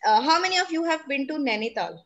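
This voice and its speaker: A woman with an Indian English accent and a high, light voice teaches a lesson to young pupils. She is middle-aged and patient, asking questions and coaxing answers from the class. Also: expressive, fast, highs cut off.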